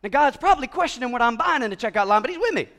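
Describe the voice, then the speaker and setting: A man delivers a conversational sermon from the pulpit. His voice sits high for a man, and he often drops to a near hush before building back up to loud emphasis. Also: lively intonation, racing. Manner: conversational preaching, swings from hushed to loud. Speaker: pastor.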